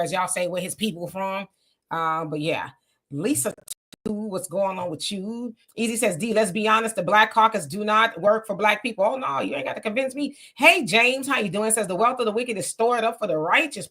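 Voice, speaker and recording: A woman's voice: medium pitch, sharp tone. A woman hosting a live political stream, greeting viewers by name and reading their comments aloud in a casual, emphatic way. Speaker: livestream host.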